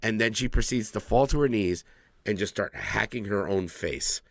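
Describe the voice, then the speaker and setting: A podcast co-host, male, with a lowish, creaky voice at normal speed, casually recaps a horror movie, swearing freely and acting out the characters' lines with animated quotes. The sound is clean studio quality with no echo.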